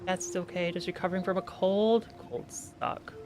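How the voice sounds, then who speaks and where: A woman's voice: fairly low pitch, fairly even intonation, moderate pace. A woman streaming a game from her home office, chatting casually, answering her chat and talking to her cat. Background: background music.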